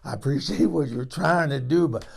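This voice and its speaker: A man voicing a much older, plainspoken husband who talks in a quiet, halting way. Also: a little high, gravelly. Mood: earnest, apologetic.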